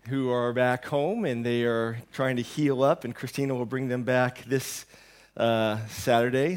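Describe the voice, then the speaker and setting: A man in his thirties preaching a rambling, self-deprecating sermon, while sick with a sore throat and medicated. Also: medium pitch. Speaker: pastor. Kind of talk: conversational sermon. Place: church.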